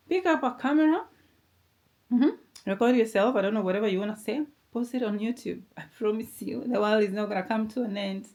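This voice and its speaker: Delivering motivational words to camera, this young woman has a fairly high voice with a darkish tone and a non-native English accent. Her delivery is emphatic and repetitive, with the occasional "darling" aimed at the listener.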